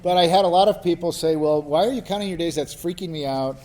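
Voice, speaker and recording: Lively man telling stories on a panel. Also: a little high, fast talker, slight background noise. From New Mexico. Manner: lively, laughing, acts out quoted voices. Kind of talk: storytelling in a panel discussion.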